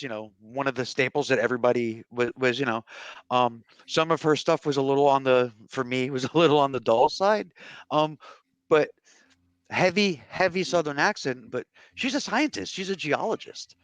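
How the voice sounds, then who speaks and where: A man's voice: medium pitch, normal speed, a bit bright, no room sound. Rambling man in dry podcast chat. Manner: rambling, many fillers and restarts. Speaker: podcast co-host. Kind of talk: casual panel chat.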